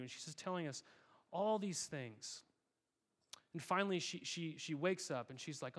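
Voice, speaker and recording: A man's voice: fairly high pitch, normal speed, a bit bright. Earnest, chatty man preaching a sermon. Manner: conversational, earnest storytelling with fillers; addresses congregation as "guys". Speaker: pastor.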